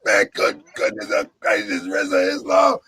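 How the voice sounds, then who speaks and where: A man telling a long, jokey story in lively chat, acting out the voices he quotes. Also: very high-pitched, moderate pace, vocal fry, no echo.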